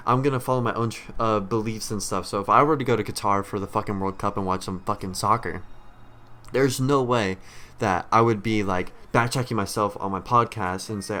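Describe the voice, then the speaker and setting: Low-voiced man ranting, swearing constantly. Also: fairly quick, a bit bright. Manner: heavy swearing, rambling and blunt. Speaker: streamer reacting to clips. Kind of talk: casual commentary rant.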